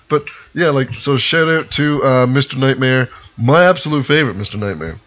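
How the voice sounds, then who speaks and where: A man from Labrador, Canada, co-hosting a casual podcast chat, rambling enthusiastically and full of shout-outs. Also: mid-range voice, expressive, moderate pace, a little hiss or hum. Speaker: podcast co-host. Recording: lo-fi podcast recording.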